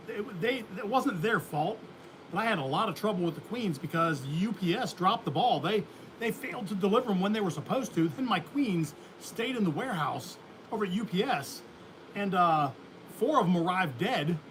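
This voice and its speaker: A man with a high voice chats casually on a livestream. He rambles in a folksy way and laughs often. A faint hum sits behind him. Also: animated, normal speed, fairly bright tone. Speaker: beekeeping channel host.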